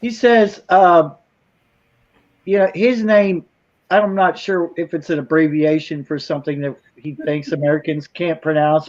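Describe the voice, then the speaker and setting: A man's voice: a little high, a little mellow. A man chatting casually on a live stream who tells stories in a rambling way. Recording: dull lo-fi audio.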